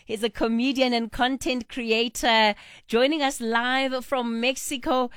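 A woman hosting a radio talk show, speaking in a measured, slightly halting way. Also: on the high side, fairly even intonation, fairly bright tone, smooth, no echo, studio quality. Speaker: radio host. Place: radio studio.

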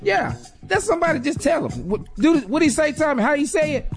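A woman's voice: high voice, very animated, brisk, faint music behind. A woman co-hosting a radio advice segment, teasing and sassy as she gives comic advice. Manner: sassy, teasing, acts out quotes. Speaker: radio show co-host. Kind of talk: comedic advice chat.

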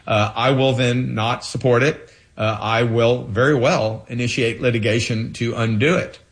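A man running for office, answering interview questions in an earnest, halting way with frequent fillers. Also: medium pitch, steady tone. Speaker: political candidate.

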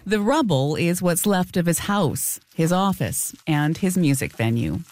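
A woman, a radio host, narrating a documentary in a measured scripted way. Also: fairly low pitch, expressive, darkish tone.

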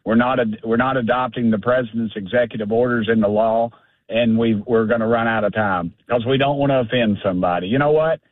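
A man's voice: mid-range voice, fairly even intonation, brisk, dry recording. A man, a congressman calling in by phone, talking bluntly and with fire in a folksy way. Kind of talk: phone call-in interview. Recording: tinny phone line.

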